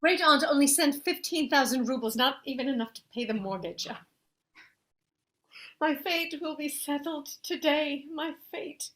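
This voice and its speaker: A woman portrays an aristocratic lady fearing for her family estate, her voice high and full of feeling. She pleads and frets by turns, all in a stage play. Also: expressive, a little slow, fairly bright tone. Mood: anxious. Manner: emotional, pleading.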